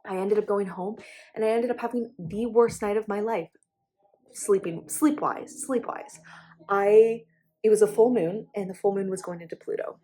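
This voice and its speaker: A woman's voice: medium pitch, steady tone, normal speed, warm tone. A young woman speaking candidly to her channel in a personal confessional vlog, emotional and close to tears, with frequent restarts and fillers. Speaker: vlogger.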